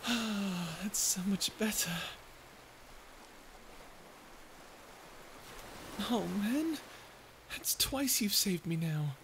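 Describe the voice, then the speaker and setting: A woman's voice: medium pitch, animated, takes it slowly, fairly bright tone, slight background noise. A woman voicing a prickly young sea creature who stammers and hides her fear behind insults, in a listener-perspective audio drama. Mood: grumpy. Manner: stuttering, flustered tsundere bluster.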